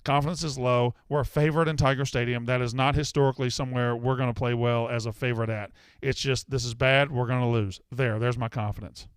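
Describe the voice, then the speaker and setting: A man's voice: mid-range voice, steady tone, quick pace, hardly any pauses, smooth, no echo. A man from the American South hosting a sports betting call-in show, brash and heated, often cutting callers off. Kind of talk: casual call-in sports talk.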